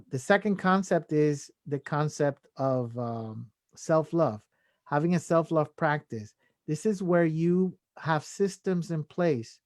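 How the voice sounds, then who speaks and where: A man's voice: fairly high pitch, no echo, clean studio sound. A man speaking as a podcast guest, giving earnest self-help advice in a casual way, often adding "right?" and "you know" and chuckling between points. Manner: leans on filler tags like "right?" and "you know". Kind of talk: casual conversational talk.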